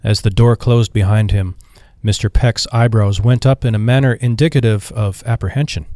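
A man reading an audiobook in measured, expressive narration. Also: on the low side, no echo, clean studio sound. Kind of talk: scripted narration.

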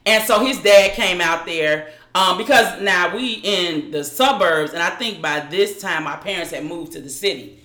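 A woman, as an interview guest, recounting a personal story in a halting way with frequent restarts. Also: on the low side, a bit bright, roomy sound.

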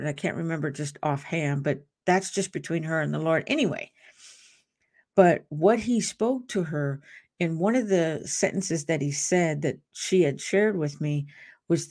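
A woman's voice: fairly low pitch, darkish tone. A woman hosting a devotional podcast, talking earnestly and off the cuff, with restarts and asides. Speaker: podcast host.

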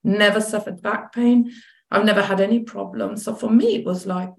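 A woman, a chronic pain coach as guest, telling a personal story in lively conversation and acting out what others said. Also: mid-range voice, normal speed, gravelly, roomy sound. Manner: animated, acts out quoted dialogue.

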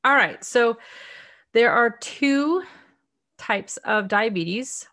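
A woman leading a casual book study discussion, thinking aloud in a chatty, earnest way with soft laughs. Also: on the high side, expressive, drawn-out words. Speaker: study group discussion leader.

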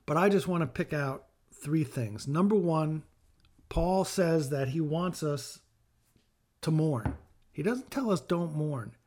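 Speaking slowly with lively intonation, a middle-aged man's fairly high, darkish voice carries a heartfelt scripture teaching on his podcast. He is a bereaved father, earnest in manner, who repeats phrases to drive points home.

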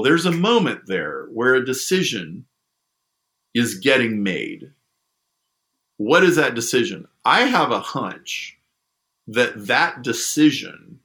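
A man in casual podcast conversation, telling animated stories and acting out the people he quotes. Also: mid-range voice, measured pace, long pauses. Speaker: guest discussing a science prize.

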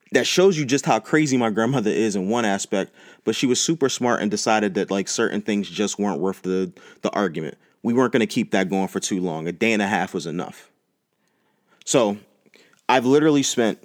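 A man hosting a podcast, telling a personal story in a casual, animated, slangy way. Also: fairly low pitch. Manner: animated, laid-back, slangy. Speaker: podcast host.

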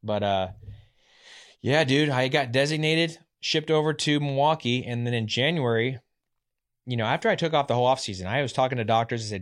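Animated man telling stories casually. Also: medium pitch, fairly quick. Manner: animated, acts out quotes of others. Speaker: former pitcher, guest. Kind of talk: casual storytelling.

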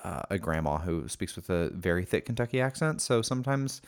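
A man co-hosting a casual podcast, playful and giggly with quick comebacks. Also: deep voice, expressive, creaky. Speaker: podcast co-host. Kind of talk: casual banter.

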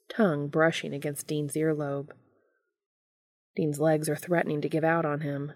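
Woman reading fanfic out loud, low voice, kind of gravelly, calm. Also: a little slow, no echo, studio quality. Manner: calm, even storytelling. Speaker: podcast reader. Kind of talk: reading fan fiction aloud.

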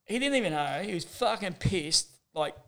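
A man's voice: high voice, lively intonation, normal speed, sharp tone. A man telling a rowdy surf trip story on a podcast, swearing constantly and laughing as he goes. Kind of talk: casual storytelling chat.

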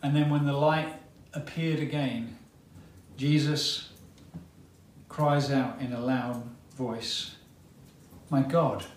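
A man preaching a sermon, telling a story dramatically and leaving long pauses. He speaks very slowly and deliberately. His voice rings through a roomy church hall from a distance, with faint ambient sound behind it. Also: mid-range voice, fairly even intonation, slight background noise.

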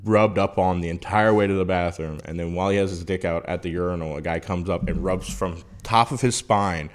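Deep-voiced laid-back man storyteller. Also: fairly even intonation, fairly quick. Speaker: podcast co-host. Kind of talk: casual chat.

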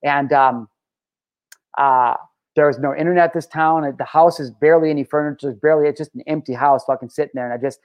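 A man's voice: fairly high pitch, fairly even intonation, fairly quick, low-quality recording. A man in his thirties talking to camera in a casual, rambling personal vlog, emotional and full of restarts. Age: 30s. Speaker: vlogger.

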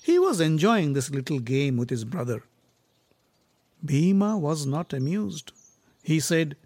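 A male storyteller narrating an old epic tale in a measured, dramatic way. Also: fairly high pitch, big pitch swings, darkish tone, no echo.

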